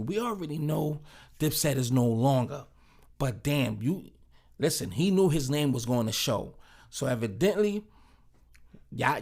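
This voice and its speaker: A man's voice: on the high side, gravelly, husky. A man giving casual commentary on celebrity gossip, reacting loosely in slang and often repeating and restarting words.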